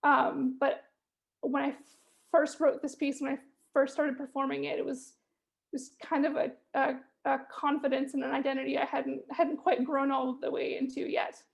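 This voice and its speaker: A young woman speaks reflectively with a stutter, repeating words and pausing on sounds. Her voice sits high and stays fairly level, with a gravelly edge. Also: level tone. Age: late 20s. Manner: thoughtful, with soft fillers. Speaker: poet and speaker. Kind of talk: reflective talk at an online event.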